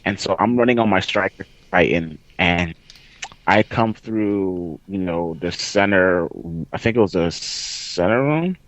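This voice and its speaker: A man hosting a casual gaming podcast, telling a story excitedly and bursting into loud reenactments. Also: sits low, a little slow, no room sound. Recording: dry, slightly dull sound.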